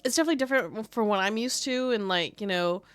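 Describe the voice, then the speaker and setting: A woman streamer chatting casually, telling a rambling, animated story about a game session, full of fillers. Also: on the high side, fast talker, dry recording.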